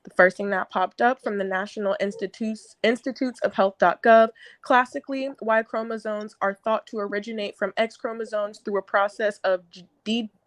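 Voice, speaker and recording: A woman of middle pitch reads scientific findings aloud to a panel. She is careful and explanatory, and her voice has a dry, close sound. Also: fairly even intonation, moderate pace, dry recording, poor audio. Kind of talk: reading research aloud.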